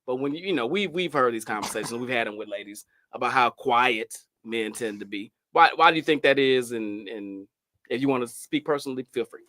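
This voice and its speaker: A man's voice: mid-range voice, brisk, pushed and bright. A man hosting a casual podcast chat, asking long rambling questions and laughing often. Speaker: podcast host.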